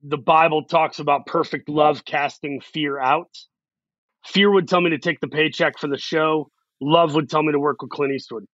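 A male actor being interviewed, telling a story in an animated way and acting out the quotes. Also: fairly high pitch, no room sound. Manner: animated, acts out quotes in quick voices. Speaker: actor guest. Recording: dull lo-fi sound.

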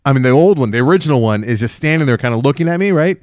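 A man's voice: medium pitch, rapid-fire, dry recording. A man hosting a podcast, telling a long and rambling story in casual chat. He often restarts his sentences and briefly acts out the other people in it. His voice sounds dry and close, with little room sound. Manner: rambling, animated retelling with many restarts. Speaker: podcast host.

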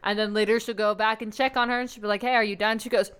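Smooth-voiced profane woman podcaster. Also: medium pitch, fast talker. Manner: profane, animated storyteller who acts out quoted voices. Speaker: podcast co-host. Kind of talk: casual chat.

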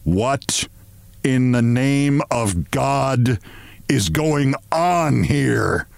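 A man putting on a slow, sleepy, grumpy father. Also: medium pitch, expressive, gravelly, dry recording, full character voice. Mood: irritable. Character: sleepy, irritable father of the house.

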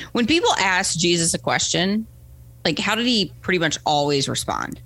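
An American woman, a guest in a casual interview, tells a story with animation, acting out the voices of people she quotes and often asking "right?". Her voice is lowish and her pace measured, on a dry recording.

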